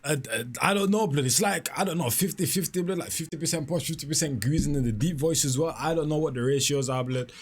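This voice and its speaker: A man's voice: fairly high pitch, fast, hardly any pauses, slightly rough. A young man, reacting to music in chatty commentary full of street slang. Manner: chatty, heavy street slang, frequent fillers. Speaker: music reaction channel host.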